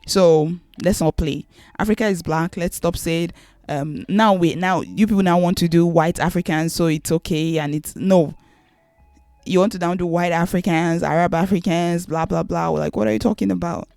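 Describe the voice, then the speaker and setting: Exasperated woman with a gravelly voice. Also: lowish voice, fairly even intonation, moderate pace, a little mellow, no echo. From Nigeria. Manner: exasperated, rhetorical, repeats questions for emphasis. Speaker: vlogger. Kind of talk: opinionated commentary to camera.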